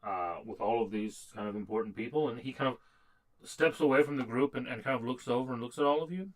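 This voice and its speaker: A man running a tabletop game as dungeon master, narrating haltingly with many fillers and restarts. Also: medium pitch, low-quality recording.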